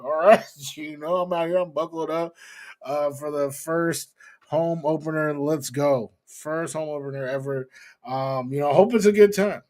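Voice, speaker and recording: A man's voice: on the high side, normal speed. A young man hosting a casual sports show in a slightly raised voice. He speaks easily and hedges often with fillers. His tone stays loose and conversational. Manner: relaxed, hedging with many fillers. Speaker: podcast host.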